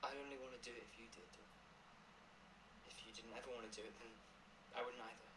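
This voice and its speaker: A nervous teenage boy murmurs softly and hesitantly, played by an actor in a TV drama. The clip is replayed with clear background noise over it. His voice sits at an ordinary middle pitch. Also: little pitch movement, fast talker, recorded from a distance, lightly acted. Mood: shy tender.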